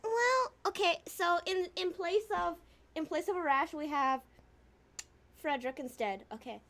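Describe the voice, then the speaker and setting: A woman's voice: high-pitched, animated, normal speed, fairly bright tone. Playful young woman streaming a game. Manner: playful, chatty. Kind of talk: casual let's play commentary.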